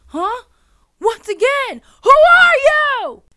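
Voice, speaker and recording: A woman's voice: very high voice, big pitch swings, slow, heavy background noise, pitched above the performer's own voice, exaggerated voice. A woman voicing a startled young man who has just woken up wounded, asking frightened questions. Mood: alarmed.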